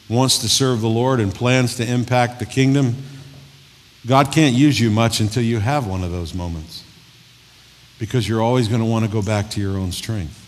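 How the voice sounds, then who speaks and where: A man's voice: lowish voice, a little hiss or hum. A male pastor preaching a folksy, joking, conversational sermon in a church hall. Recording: long hall reverb.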